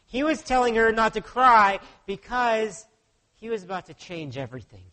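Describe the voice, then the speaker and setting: A man with a notably high voice delivers a sermon as a pastor. He speaks earnestly and keeps turning to his listeners with rhetorical questions. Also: sing-song, normal speed, sharp tone.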